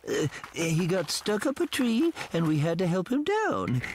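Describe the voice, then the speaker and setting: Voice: medium pitch, wildly swooping pitch, measured pace, very noisy. A voice actor playing a sensitive, touchy male cartoon animal who turns flustered and defensive.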